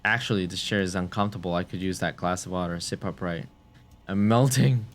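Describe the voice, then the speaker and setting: A man doing let's-play commentary, excitable and reading his options aloud. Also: low voice, fast talker. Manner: excitable, reads choices aloud. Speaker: gameplay streamer.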